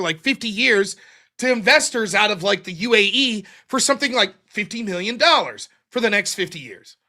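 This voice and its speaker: A man's voice: high-pitched, sharp tone. A man in his forties hosting a call-in show, talking bluntly and profanely, acting out quotes as he argues. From United States. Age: 40s. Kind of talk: casual political monologue.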